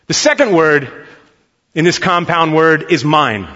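A man's voice: fairly high pitch, lively intonation, moderate pace, pushed and bright. A man in his thirties preaching a sermon as a pastor, earnest and conversational, prompting the congregation to answer. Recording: dull, long-reverb hall sound.

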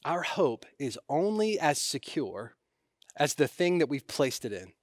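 A man preaching a sermon, earnest, rising in force on key lines and then dropping to a hush. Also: on the high side, very animated, measured pace, no room sound, studio quality. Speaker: pastor.

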